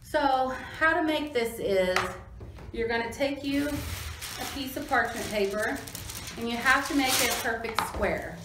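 A woman library craft instructor giving a relaxed, step-by-step craft demonstration. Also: a little high, measured pace. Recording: roomy echo with clear background noise.

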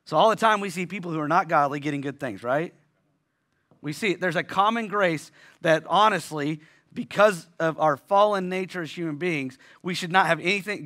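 A pastor preaching a sermon in a conversational way, restarting phrases often and asking rhetorical questions. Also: male voice, on the high side, bright, forceful tone.

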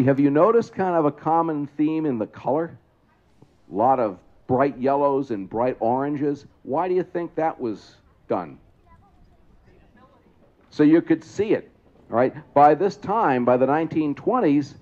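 A man with a voice on the high side and a darkish tone announces a trolley parade over a PA to an outdoor crowd at a trolley museum event. He speaks at a moderate pace with lively intonation, explaining details and putting questions to listeners, though the audio is dull.

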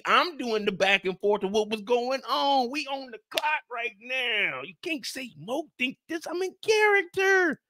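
A man giving animated, slangy recap commentary, acting scenes out as he goes. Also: high-pitched, no echo, clean studio sound. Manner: emphatic, slangy, acts out scenes. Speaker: show recap host.

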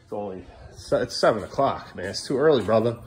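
A man's voice: on the low side, expressive, brisk. A man, a father, talking casually to his kids at home in a vlog and scolding them firmly and repetitively. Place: family home, indoors.

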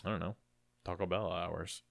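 A man's voice: deep voice, steady tone, moderate pace, vocal fry, a bit bright, dry recording. A young man co-hosting a casual podcast, joking and often trailing off into mumbles. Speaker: podcast co-host.

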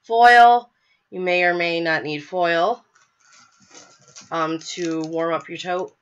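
Woman host with a cold, stuffy, bright and forceful, chatty and a bit apologetic, dull webcam sound. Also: fairly low pitch, level tone, slow, slight background noise. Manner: chatty, filler-heavy, apologetic. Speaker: podcast host. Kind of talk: casual live show chat.

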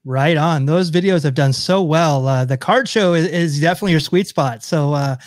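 A man's voice: fairly high pitch, normal speed, dry recording. A man hosting a podcast in a casual way, introducing co-hosts and stumbling over his words now and then. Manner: relaxed, many fillers and restarts introducing co-hosts. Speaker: podcast host. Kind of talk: casual chat.

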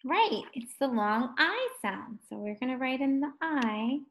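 A woman teaches phonics to first graders in a slightly high voice. She takes her time and sounds each word out clearly, encouraging the children as she goes. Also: expressive, a little slow, fairly bright tone. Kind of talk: phonics lesson for young children. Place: home distance-learning recording.

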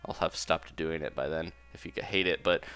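A man's voice: rumbling low, moderate pace, gravelly, fairly bright tone, smooth. A young man giving casual, rambling commentary while playing a game, laughing often and second-guessing himself. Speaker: let's play host.

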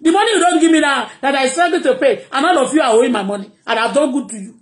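Fast, high-voiced Nigerian woman ranting. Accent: Nigerian Yoruba. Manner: excitable, switching between English and Yoruba, bursts of shouting and laughter. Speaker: blogger hosting a live stream. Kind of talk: animated live-stream rant.

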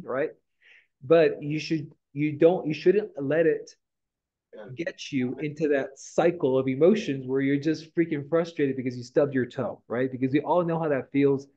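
A middle-aged man gives a loose, conversational motivational talk to his team and keeps checking in with "right?" and "okay?". His voice is mellow and relaxed rather than bright. The recording is a little dull and lo-fi. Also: mid-range voice. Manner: casual, rambling, with mild swearing and frequent "right?" and "okay?". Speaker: real estate team leader. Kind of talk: motivational morning meeting talk.

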